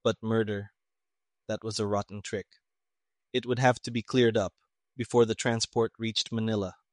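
A man narrating an audiobook in a steady, even storytelling manner. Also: lowish voice, moderate pace, dry recording, studio quality.

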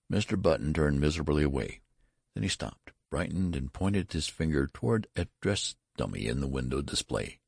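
A very deep-voiced man reading a story aloud, measured and wry. His voice is gravelly with a husky edge, and his pitch moves in a lively way. The recording is dry and close. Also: dry recording. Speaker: narrator.

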